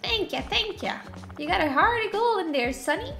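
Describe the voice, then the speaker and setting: A woman's voice: extremely high pitch, animated, normal speed, creaky, pushed and bright, soft background music, voice pushed up, exaggerated voice. A woman voicing a melodramatic older woman who begs for help in a folksy, theatrical way. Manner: folksy, theatrical, calls him sonny.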